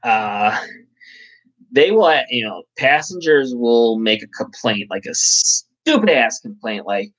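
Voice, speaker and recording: A man's voice: mid-range voice, big pitch swings, slow, a bit bright, poor audio. A man hosting a casual live chat, rambling and swearing, with lots of fillers. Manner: rambling, profane, full of fillers. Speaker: channel host.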